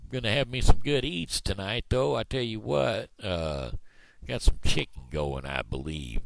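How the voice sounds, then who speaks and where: Man, Midwestern American accent, very low gravelly voice, lively swoops in pitch, dry close sound, folksy rambling vlog talk. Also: dry recording. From Missouri, USA. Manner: folksy, meandering, with many fillers. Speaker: video blogger.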